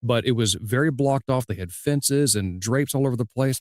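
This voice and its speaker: Easygoing host with a faint Southern lilt. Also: male voice, mid-range voice, no room sound, studio quality. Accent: slight Southern US. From Southern United States. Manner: easygoing, storytelling, measured questions. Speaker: podcast host and audiobook narrator. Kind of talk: casual interview chat.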